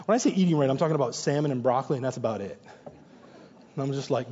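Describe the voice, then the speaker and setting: A man's voice: mid-range voice, fast, mellow. A male pastor preaching a sermon in a conversational, anecdotal way, repeating short exhortations for emphasis. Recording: long reverb, dull muffled sound.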